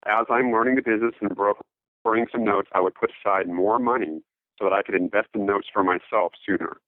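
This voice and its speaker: Speaking over a tinny phone line, a man with a lowish voice appears as an interview guest, a note investor. His casual talk is halting, full of fillers and restarts, and there's no echo.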